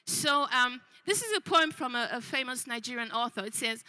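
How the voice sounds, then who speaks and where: A woman's voice: on the high side, animated, moderate pace, few pauses, bright, forceful tone, poor audio. A woman author giving an unscripted talk about her children's book, with frequent ums and restarts. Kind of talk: book fair talk to an audience.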